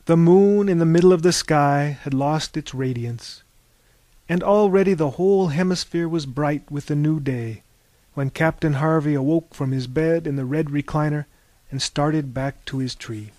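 A man narrating an audiobook in a calm, wry storytelling manner. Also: fairly high pitch, normal speed, no room sound.

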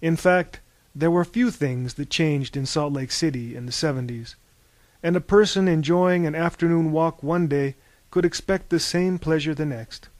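A man narrating a story, reading with lively voices for its many characters. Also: moderate pace, no echo. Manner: animated, bursts into loud high character shouts. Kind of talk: audiobook narration.

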